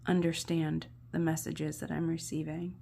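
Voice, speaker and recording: Gravelly soft-spoken woman reading tarot. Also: deep voice, flat delivery, slight background noise. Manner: soft, gentle, slips into whispers; encouraging, pauses to study card imagery. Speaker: tarot reader. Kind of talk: pick-a-card tarot reading.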